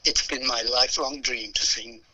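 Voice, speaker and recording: An older man, telling stories as a musician guest in an interview, animated and acting out the people in them. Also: mid-range voice, moderate pace, husky, rough recording. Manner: animated storyteller who acts out voices and hums melodies. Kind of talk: anecdotal storytelling interview.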